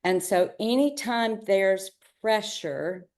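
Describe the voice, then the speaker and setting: A woman guest with a mellow, warm tone who tells her story with spirit. She often speeds up into quick bursts and slips into acted-out dialogue as she talks. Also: mid-range voice. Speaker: guest, business owner and artist. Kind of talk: interview storytelling.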